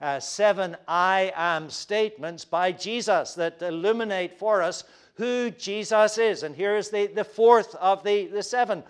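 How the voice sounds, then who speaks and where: A man's voice: high voice, unhurried, hardly any pauses, clear, resonant tone. A man preaching an expository sermon as pastor, earnest, with frequent fillers and restarts.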